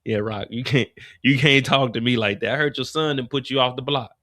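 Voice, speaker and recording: Picture a man acting out a boastful street hustler, all swagger and teasing, talking down to someone with a bright, forceful edge. The sound is dry and close. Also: medium pitch, brisk, dry recording, natural voice. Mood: taunting. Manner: swaggering, taunting, laughing at her. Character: cocky, boastful, flirtatious male street hustler.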